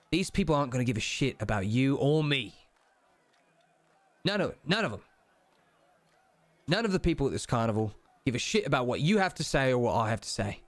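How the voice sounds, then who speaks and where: A man's voice: mid-range voice, dry recording, natural voice. A man voicing a mocking male deity who speaks into a character's mind, with a Cockney accent.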